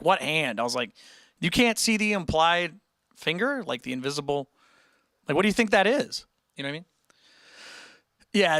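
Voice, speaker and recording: A young man chatting casually with viewers on his livestream, rambling and animated, with many restarts and fillers. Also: on the high side, no echo, studio quality. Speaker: musician hosting a livestream chat.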